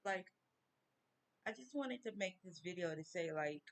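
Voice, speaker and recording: A woman's voice: on the low side, animated. Woman on the edge of tears. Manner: slow, halting, tearful grief. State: near tears. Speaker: vlogger. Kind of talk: personal rant to camera.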